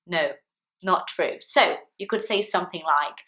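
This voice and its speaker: A woman teaching English vocabulary to camera in a clear, deliberate way, with playful example sentences. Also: on the low side.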